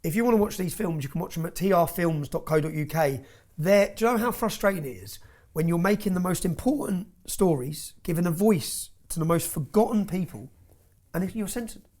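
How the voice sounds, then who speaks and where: A man's voice: sits high, expressive, fairly quick, darkish tone. A man telling his story as an interview guest, intense and emphatic, often tagging his points with "yeah?". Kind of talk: heated personal storytelling.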